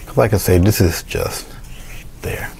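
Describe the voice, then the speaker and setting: A man giving a casual painting tutorial, talking through each step in a relaxed way as he works. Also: sits low, a little slow, gravelly, a little hiss or hum. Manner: relaxed, talks to himself while working, thinks aloud. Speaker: painting instructor.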